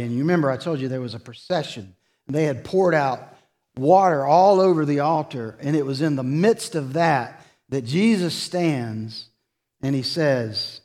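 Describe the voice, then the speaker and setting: A man preaching in a church with a slow, measured delivery. His voice swells to loud, emphatic peaks and then sinks to quiet, drawn-out endings. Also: mid-range voice, expressive. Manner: slow, dramatic preaching with sudden loud rises and soft drops. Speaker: pastor. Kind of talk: sermon. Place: church sanctuary.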